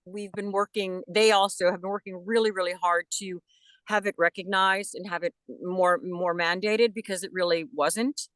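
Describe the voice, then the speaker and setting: A middle-aged actress, a guest on a video call interview, explaining her work in a casual, lively storytelling way. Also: on the low side, normal speed, dry recording.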